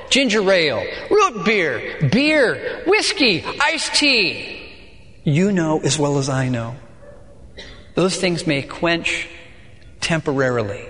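A man preaching a sermon in an animated way, reading scripture and acting out the voices of the people in it. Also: very high voice, roomy sound, long reverb tail. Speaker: pastor.

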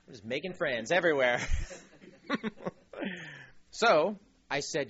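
A man's voice: medium pitch, moderate pace, long pauses, breathy edge, highs cut off. A man preaching a sermon as pastor, telling stories with acted-out voices and joking asides. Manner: animated storytelling, acts out voices, joking asides.

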